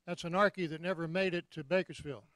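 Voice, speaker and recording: A man in his seventies preaching a sermon, jovial and joking, breaking into loud shouts of praise. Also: a little high, fairly even intonation, fast, no room sound. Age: 70s. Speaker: guest preacher.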